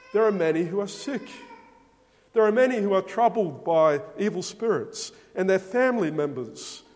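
A man's voice: high voice, darkish tone. A man preaching a sermon, speaking emphatically and asking rhetorical questions. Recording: long hall reverb.

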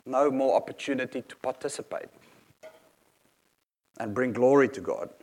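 A man's voice: mid-range voice, normal speed, a little mellow. A man preaching a sermon in an earnest, explanatory manner, reading scripture aloud and unpacking each verse.

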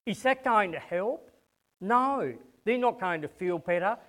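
High-voiced man preaching. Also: animated, a little slow, fairly bright tone. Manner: conversational, repeats words when starting phrases. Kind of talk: sermon.

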